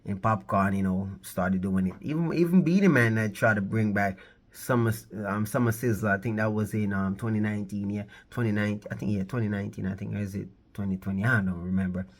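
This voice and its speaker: Talking fast in a fairly low, steady voice, a man rambles casually about the music scene on his own channel. He goes over the same points more than once and jokingly begs his viewers.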